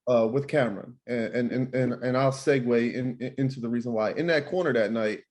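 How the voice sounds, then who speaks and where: A man's voice: medium pitch, a little fast, darkish tone. A man who trains and manages boxers, talking in a casual interview, emphatic and often repeating himself as he restarts sentences.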